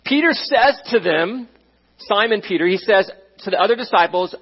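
A man preaching a sermon as pastor, animated and conversational, often checking in with his listeners. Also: high-pitched, normal speed, breathy edge, dull audio.

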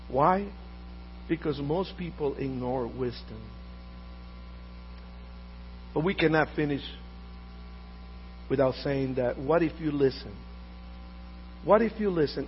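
A high-voiced man in his fifties delivers a sermon, rising to loud, emphatic preaching and dropping to quiet asides. The audio is dull and lo-fi, with a faint mains hum underneath. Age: 50s. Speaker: pastor.

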